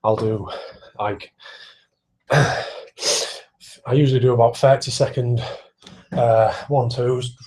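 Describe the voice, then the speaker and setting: A man's voice: mid-range voice, fairly even intonation, slow, long pauses, darkish tone. A man in casual livestream chat, answering viewer questions while pedalling an exercise bike, rambling, swearing freely and poking fun at himself.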